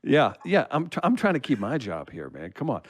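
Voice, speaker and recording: A man's voice: medium pitch, huge pitch swings, a little fast, no echo. A man reading out listener comments on a casual comedy podcast, laughing easily and teasing the hosts.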